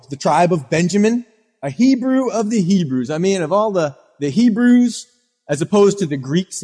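A male pastor delivers an animated sermon, slipping into little acted voices for the people he quotes. His voice sits a bit high with a husky edge. The sound carries a long reverb, as from a big hall.

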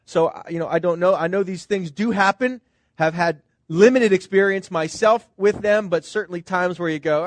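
A man's voice: high voice, normal speed, dry recording. A middle-aged man, a pastor, preaching a sermon in an earnest, conversational way, full of rhetorical questions to the congregation.

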